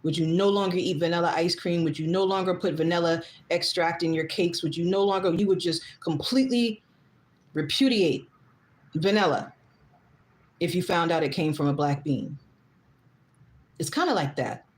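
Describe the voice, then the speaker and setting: Chatty woman livestreaming, low-pitched. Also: normal speed. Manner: chatty, rambling, reads comments aloud; gets heated and emphatic. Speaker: livestream host. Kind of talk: casual livestream monologue.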